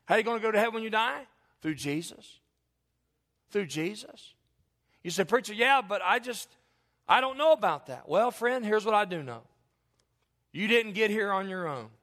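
A middle-aged man preaches from the pulpit with a high, bright, ringing voice. He swings between loud passages and quiet, low pleas to his listeners. Long reverb fills the church hall around him. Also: lively intonation, fairly quick. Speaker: pastor. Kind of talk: sermon. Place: church sanctuary.

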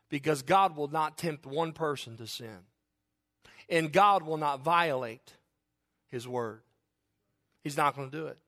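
A middle-aged man preaching a sermon as pastor, animated, often acting out the voices of his listeners and the people in his stories. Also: fairly high pitch, unhurried, pauses often.

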